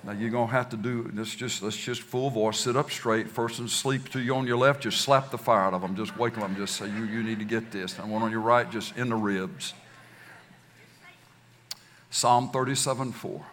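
A man preaching a sermon as pastor, leading his congregation in call and response with slow, emphatic recitation. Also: fairly low pitch, steady tone, a bit bright, slight background noise. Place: church sanctuary. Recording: distant hall reverb, faint ambience.

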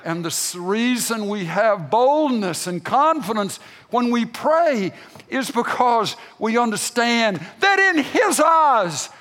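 Older male pastor, high animated voice, unhurried folksy sermon, long hall reverb. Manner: folksy storytelling preacher, rising to emphatic peaks.

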